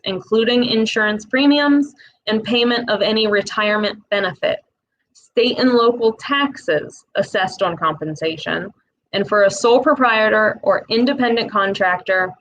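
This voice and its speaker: A woman with a Midwestern accent, talking casually to camera and explaining a small business loan program in a direct, chatty way with quick asides. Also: medium pitch, a bit bright, slight background noise, poor audio. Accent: Midwestern American.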